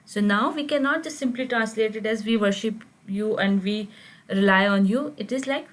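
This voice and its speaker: In a low-quality recording, a woman with a medium-pitched voice teaches Quranic Arabic grammar in a live online class at normal speed. She explains each step and frequently checks whether her students are following.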